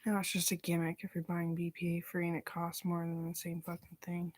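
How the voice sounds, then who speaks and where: A young woman rambling in a casual vlog, swearing often and drifting between loud talk and whispers. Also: lowish voice, monotone, a little fast.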